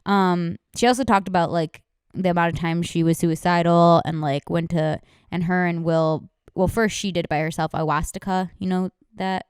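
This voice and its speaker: Giggly young woman, smooth clear voice. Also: on the low side, moderate pace, dry recording, clean studio sound. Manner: laughs often, animated, says "like" a lot. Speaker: podcast co-host. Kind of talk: casual chat.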